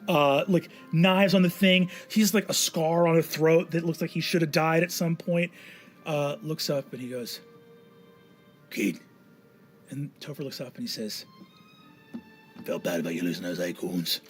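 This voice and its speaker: A man narrating a tabletop game as game master, animated and shifting between characters. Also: a little high, normal speed, faint music behind.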